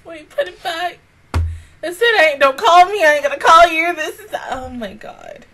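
A woman's voice: high-pitched, expressive, moderate pace, pushed and bright, soft background music. Emotional woman reacting to anime. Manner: emotional and exclamatory, swears freely.

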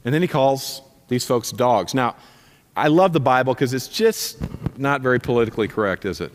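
A man's voice: mid-range voice, expressive, normal speed. Emphatic male pastor preaching in a hall. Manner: emphatic, repeats commands, direct and punchy. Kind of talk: sermon. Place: church sanctuary.

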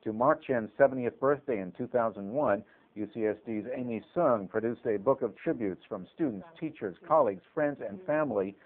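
A man narrating a documentary in an even, informative scripted delivery. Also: mid-range voice, a little fast, few pauses. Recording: tinny phone-like sound.

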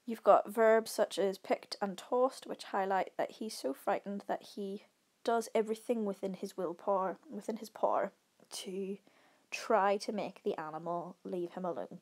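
A woman's voice: medium pitch, moderate pace, a little mellow. A woman teacher talking through exam answers, explaining patiently, with frequent ums and short readings from the text. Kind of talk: exam revision walkthrough.

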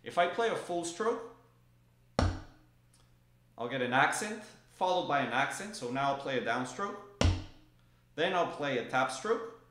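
In an echoey room where his mid-range, fairly bright voice rings off the walls, a man teaches drum technique, with slight hiss or hum on the recording. He patiently explains each motion and rhythmically calls out stroke names as he plays, with drumming behind him.

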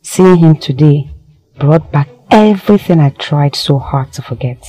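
A woman's voice: low voice, unhurried, dark tone, rough recording. An actress with a Nigerian accent playing a young woman who is hesitant and apologetic after lying to her boss. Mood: pensive. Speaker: office employee. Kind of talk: film drama acting.

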